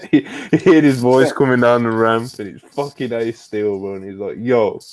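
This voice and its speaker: A man co-hosting a podcast in casual chat, excitable, swearing freely and retelling events at length. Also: mid-range voice, moderate pace. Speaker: podcast co-host.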